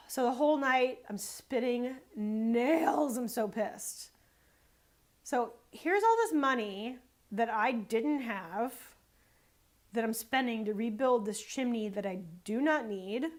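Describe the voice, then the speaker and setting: A woman photographer and small business owner giving casual sales advice through a story, animated and exasperated, repeating words for emphasis. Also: fairly high pitch, slow pace.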